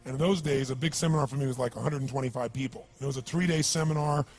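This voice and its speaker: A man's voice: medium pitch, steady tone, rapid-fire, a little mellow, faint music behind. A man giving a motivational seminar talk, telling a story with energy and asking the crowd questions. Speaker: motivational speaker.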